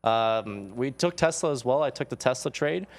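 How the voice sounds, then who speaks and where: A man on a trading show recapping his day's trades in an excited, casual way, full of fillers and "like". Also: mid-range voice, moderate pace. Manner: excited, filler-heavy, says "like" a lot. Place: trading floor studio.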